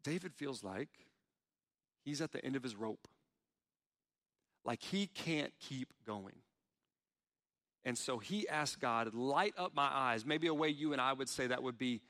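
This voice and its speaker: A man's voice: medium pitch, animated, unhurried, pauses often, a bit bright, long reverb tail. A man preaching a sermon, earnest in tone, voicing heartfelt pleas as he quotes prayers. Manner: earnest, pleading when quoting prayers. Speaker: pastor.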